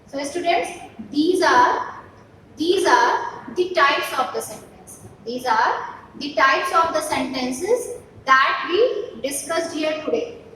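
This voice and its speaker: Female teacher with an Indian English accent, higher voice, patient and repetitive, recorded far off in an echoey room with noise behind. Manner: repetitive, explains each example twice. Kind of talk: classroom grammar lesson.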